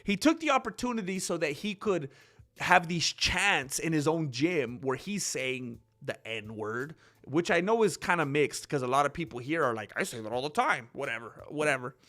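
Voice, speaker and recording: A man's voice: a little high, animated, normal speed, sharp tone. A man hosting his own commentary channel, giving heated opinions and acting out the voices he quotes.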